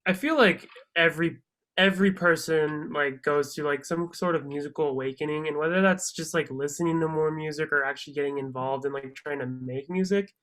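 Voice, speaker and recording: A man's voice: a little high, brisk, fairly bright tone. A man interviewing a guest, asking long, meandering questions filled with "like".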